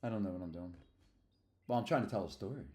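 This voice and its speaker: A man's voice: lowish voice, fast talker, a little mellow. A middle-aged man from Philadelphia, rambling and slangy in casual livestream chat. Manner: rambling and slangy, loose asides. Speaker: streamer.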